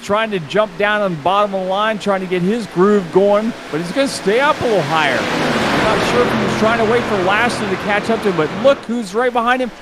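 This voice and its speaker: A man commentating a live sim race in an excitable, exclaiming manner. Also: high voice, brisk, very noisy.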